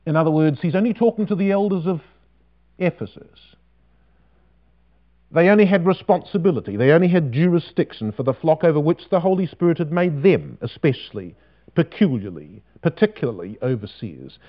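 Lively lo-fi preacher man. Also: fairly high pitch. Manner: animated preaching, reads scripture slowly with emphasis, rhetorical questions. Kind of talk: sermon. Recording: dull lo-fi recording.

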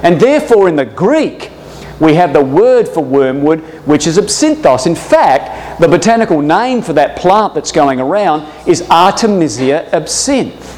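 A man teaching a Bible class to a live audience, jokey and animated, often addressing his listeners as brothers and sisters. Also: fairly high pitch, a little slow, a little hiss or hum. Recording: long echo of a hall.

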